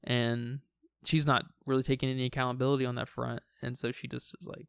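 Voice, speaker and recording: A man's voice: medium pitch, vocal fry, clean tone, no room sound. A man co-hosting a podcast, talking through a film in casual chat, often stumbling and restarting his words. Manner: halting, restarts words, relaxed enthusiasm. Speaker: podcast co-host. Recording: dry close recording.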